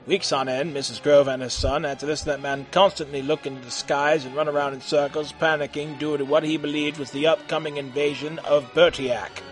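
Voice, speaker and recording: Man narrating a comic tale, slightly high. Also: steady tone, a little fast, hardly any pauses, soft background music.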